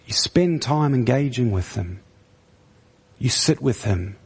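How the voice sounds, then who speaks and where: A man delivers a conversational sermon, his husky voice carrying a long echo through the church hall. He stumbles and restarts often, then rises into pointed, emphatic questions. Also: medium pitch, lively intonation, takes it slowly, a little mellow. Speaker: preacher.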